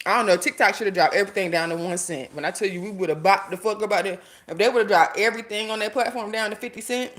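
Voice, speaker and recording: Blunt, swearing woman streamer. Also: on the low side. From United States. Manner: blunt, animated, talks straight to viewers and chat; swears freely. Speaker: live streamer. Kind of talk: casual livestream rant.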